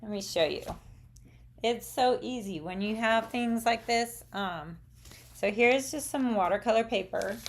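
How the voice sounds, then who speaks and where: Slow, gravelly Southern woman. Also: a little high, a little hiss or hum. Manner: chatty and rambling, with frequent ums. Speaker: craft demonstrator hosting a live stream. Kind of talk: casual live demo chat with viewers.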